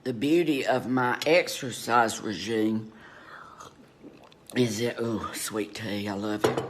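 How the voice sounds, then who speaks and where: A man's voice: lowish voice, takes it slowly, a little hiss or hum. A man telling campy, chatty stories to camera from home, swearing freely. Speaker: vlogger in lockdown. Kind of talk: casual storytelling to camera. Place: at home during lockdown.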